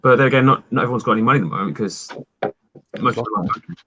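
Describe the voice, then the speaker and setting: A man's voice: mid-range voice, very fast, noisy background. A young man chatting casually, hesitant and often stammering. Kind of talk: casual chat.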